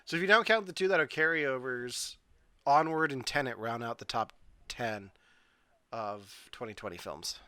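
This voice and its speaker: A man's voice: medium pitch, lively intonation, normal speed, sharp tone, clean tone, dry recording. A man hosting a casual podcast over a video call, running through facts with joking asides. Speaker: podcast host. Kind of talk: casual chat.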